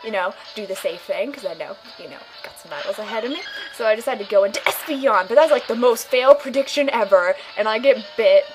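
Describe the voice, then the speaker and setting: A woman's voice: on the high side, animated, fairly quick, few pauses, over music, poor audio. A young woman casually commenting on her own game playthrough, rambling and joking as she goes. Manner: rambling, jokey, puts on silly voices. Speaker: gamer doing a let's play.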